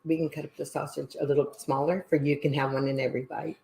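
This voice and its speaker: A woman's voice: low-pitched, level tone, quick pace, creaky, crowd noise. An older woman, the host's mother, joining a casual cooking segment and agreeably offering cooking tips. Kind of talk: casual cooking show chat.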